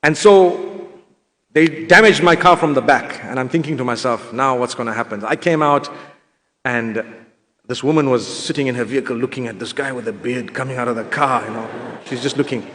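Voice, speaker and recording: A middle-aged man, an Islamic preacher, telling a personal story in a sermon with animated humor. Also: mid-range voice, fairly quick. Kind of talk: sermon told as a personal anecdote. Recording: long reverb of a lecture hall.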